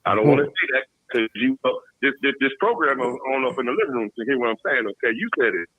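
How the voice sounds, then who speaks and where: Fast, husky, bright-voiced man chatting. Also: medium pitch, lively intonation, dry recording, phone-quality sound. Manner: emphatic, repeats himself. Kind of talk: casual radio chat.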